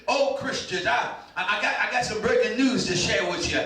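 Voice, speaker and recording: A male pastor preaching a sermon with fervent shouting and half-sung lines, often stumbling over repeated starts. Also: extremely high pitch, a little fast, few pauses. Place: church sanctuary. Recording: very echoey room, mic at a distance.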